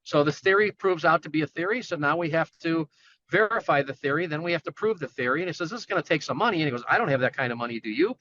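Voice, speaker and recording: A man with a bright, forceful voice tells a rambling personal story and jumps up in pitch to act out the people he quotes. His voice sits a bit high for a man. The sound is dull and lo-fi, with a faint hiss behind it. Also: fast talker. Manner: animated storyteller who acts out quoted people in a raised voice. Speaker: guest, general contractor. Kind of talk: casual storytelling.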